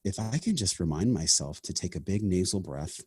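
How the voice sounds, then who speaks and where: A podcast host with a deep, animated voice talks at a moderate pace with a breathy edge, recorded studio-clean with no echo. His family heritage is half Sicilian, and his casual conversation is reflective and earnest, peppered with "man" and "like".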